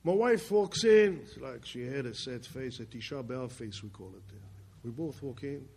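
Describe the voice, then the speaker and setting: A man telling a personal story in plainspoken speech, swinging between loud emphatic bursts and quiet low passages. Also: animated, normal speed, breathy edge. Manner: plainspoken, with restarts and loose grammar. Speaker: speaker telling his life story.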